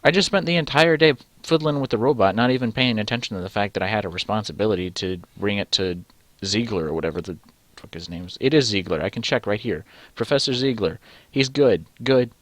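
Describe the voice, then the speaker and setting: With a fairly low, fairly bright voice and a brisk pace, a young let's-play host reads a choose-your-own-adventure game aloud. He rambles about which choice to make, interrupts himself mid-sentence, and swears in a casual way, all on a dry recording.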